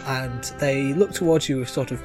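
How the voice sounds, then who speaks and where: Guy running a tabletop rpg session, lots of uhs, steady mid voice, music in the background. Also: medium pitch, normal speed. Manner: hesitant, many uhs while describing scenes. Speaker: game master. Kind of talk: narrating a tabletop game.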